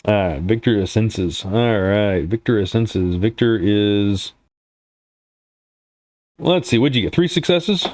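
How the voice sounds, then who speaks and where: Relaxed man running a tabletop game. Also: on the low side, slow pace, long pauses, no echo. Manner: loose, many fillers and restarts, laughs easily. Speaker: game master.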